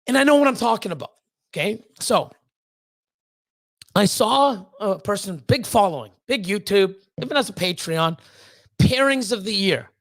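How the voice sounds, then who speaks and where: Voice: mid-range voice, lively intonation, moderate pace. This is a reptile breeder hosting a casual livestream, talking straight to the chat. The delivery is blunt and heated, full of swearing, repeated pleas and stumbling restarts. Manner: emphatic repeated pleading. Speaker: reptile breeder and channel host.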